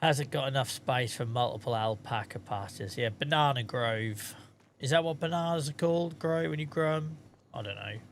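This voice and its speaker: A man's voice: mid-range voice, normal speed, slight background noise. Chatty man streaming a game. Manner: chatty, thanks viewers, mutters asides to himself. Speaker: live streamer. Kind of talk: casual live-stream chat while gaming.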